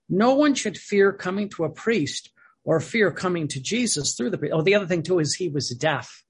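A man's voice: a little high, vocal fry, breathy edge. A man in his seventies, a priest, telling stories in a rambling sermon with many restarts and chuckles.

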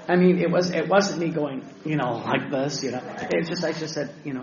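A male deacon delivers a sermon-style teaching talk with a gravelly edge, often stumbling over restarts and fillers as he tells his stories. The recording is roomy and echoey, slightly dull and lo-fi, with faint ambience behind him. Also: a little high, crowd noise. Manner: storytelling, halting with many restarts and fillers.

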